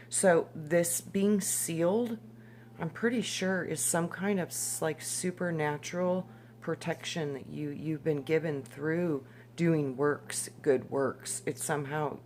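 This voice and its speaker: A woman reading scripture and telling personal stories casually, often saying "literally" and "like" and reading haltingly as she goes. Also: low voice, slight background noise.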